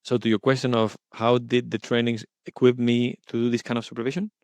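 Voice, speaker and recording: A man's voice: medium pitch, level tone, a little fast, darkish tone, clean tone, no echo. Earnest thoughtful man, dry sound. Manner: earnest, thoughtful, searching for words. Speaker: guest coaching supervisor. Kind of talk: reflective interview talk.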